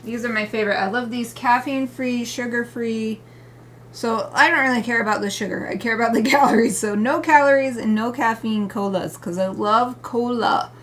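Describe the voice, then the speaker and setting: A woman's voice: fairly high pitch, moderate pace, a little hiss or hum. A woman artist live-streaming her drawing session, chatting casually with viewers and explaining each coloring step as she works. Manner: chatty and upbeat, greets viewers warmly, laughs often.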